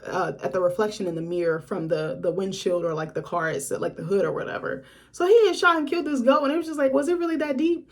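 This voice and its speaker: A woman casually reviewing a horror film in a vlog, chatty and frank, with sassy asides and free swearing. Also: medium pitch.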